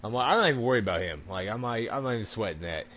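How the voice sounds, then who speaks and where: A man chatting casually while gaming, animated and profane, laughing often. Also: lowish voice, rapid-fire, dull audio, a little hiss or hum.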